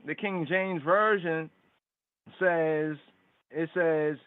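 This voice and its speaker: A man hosting a call-in scripture study, slowly repeating and sounding out Hebrew words as he explains them. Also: on the high side, steady tone, smooth, dry recording. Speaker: host. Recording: tinny phone line, dry.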